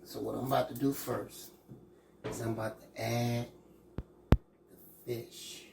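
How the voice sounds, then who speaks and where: A man with a gravelly, middle-pitched voice runs a casual cooking demonstration, chatting folksily with his viewers as he works. He sounds relaxed and talkative, calling out "boy" often. Food sizzles clearly in the pan behind him in the kitchen. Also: a little slow, noisy background. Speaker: host cooking on camera. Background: sizzling frying food.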